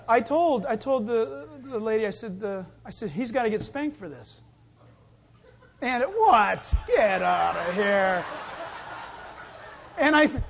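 With slight background noise behind him, a man with an extremely high-pitched voice preaches as a pastor. He tells stories in an easygoing, chatty manner and voices the characters himself.

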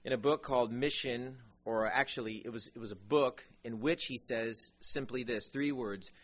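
A man's voice: mid-range voice, normal speed, lo-fi sound, a little hiss or hum. A man preaching a sermon as pastor, telling stories with acted-out voices and joking asides. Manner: animated storytelling, acts out voices, joking asides.

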